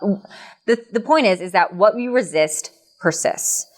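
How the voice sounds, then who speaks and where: A woman hosting a podcast as a coach, talking in a casual, animated way with frequent laughs and restarts. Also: medium pitch, moderate pace. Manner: animated and chatty, laughs often, many restarts. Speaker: podcast host and business coach. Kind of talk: casual conversation.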